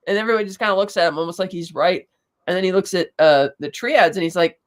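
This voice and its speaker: A podcast co-host in a loose, rambling recap, full of ums, restarts and quick chuckles. The talk is casual and profane, with characters' lines acted out in the middle of sentences. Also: mid-range voice. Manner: rambling, profane, acts out quotes; frequent fillers and restarts, chuckles.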